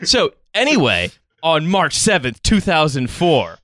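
A man hosting a podcast, telling a story in a casual, comedic way, laughing often and pausing with fillers. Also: on the high side, wildly swooping pitch, sharp tone, dry recording, studio quality.

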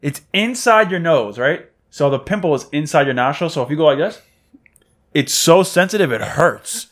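A man's voice: on the high side, lively intonation, normal speed, fairly bright tone. A man co-hosting a casual podcast, rambling and swearing freely as he acts out little everyday scenes. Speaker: podcast co-host. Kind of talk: casual chat.

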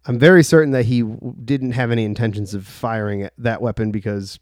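A young man speaking fairly quickly, in a darkish mid-range voice with fairly even intonation, relates a personal story. It's casual and meandering, loaded with profanity and filler like "like." The sound is studio quality with no echo.

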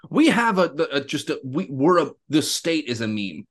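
Excitable man from Florida, sports chat. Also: fairly high pitch, husky. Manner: laughs often, swears, excitable bursts. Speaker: podcast co-host.

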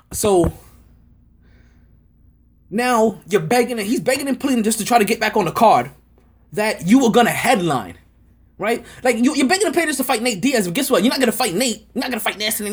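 A man's voice: sits high, animated, fairly quick, long pauses, breathy edge. A man hosting a sports podcast, ranting in a rambling, repetitive and emphatic way. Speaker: podcast host.

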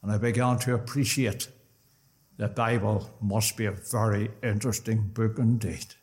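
A man's voice: lowish voice, moderate pace. A man with a Northern Irish accent giving his personal testimony at a gospel meeting in a conversational storytelling way. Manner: conversational storytelling with lively rises. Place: gospel hall.

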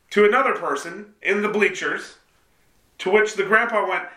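A man's voice: high voice, moderate pace, sharp tone. A man co-hosting a casual comedy podcast, telling stories and acting out the people in them. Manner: storytelling, acts out other people in quotes. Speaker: podcast co-host. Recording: echoey room.

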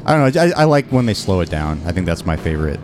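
A man co-hosting a casual album review chat, talking in a relaxed, rambling way with frequent restarts. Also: low-pitched, fast talker, over music. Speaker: podcast co-host reviewing an album.

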